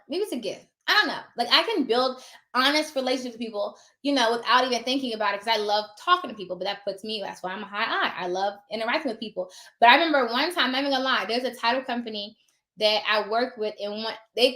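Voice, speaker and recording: A chatty woman with a high, bright voice gives casual, rambling advice, slipping into animated bits of acted dialogue. She sounds a little tired. The room around her is echoey. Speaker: notary.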